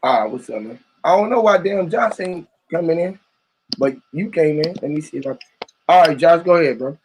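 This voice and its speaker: This live-stream host is a man whose voice is a little high, with lively intonation and a moderate pace. The recording is low quality with slight background noise, and he rambles in heavy slang, swears, asks lots of rhetorical questions, and greets callers entering the voice chat.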